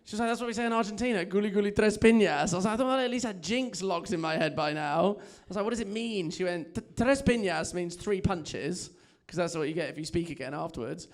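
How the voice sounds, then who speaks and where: Speaking fairly quickly and hardly pausing, a high-voiced young comedian from England runs through a chatty, self-mocking set at a comedy club, laughing at his own gags as the audience watches.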